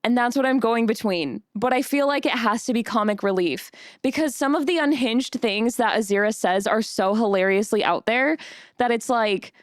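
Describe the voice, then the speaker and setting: A woman's voice: on the high side, moderate pace, no echo, studio quality. A woman streamer chatting casually with her live chat, bubbly, reading messages aloud and laughing often.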